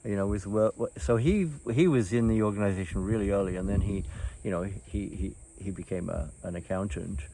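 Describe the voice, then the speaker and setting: An older man telling stories from his past in a relaxed, meandering way, with lots of ums, uhs and restarts. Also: lowish voice, slight background noise. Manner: meandering, halting, many fillers and restarts. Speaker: storyteller recounting his past. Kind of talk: casual reminiscing chat.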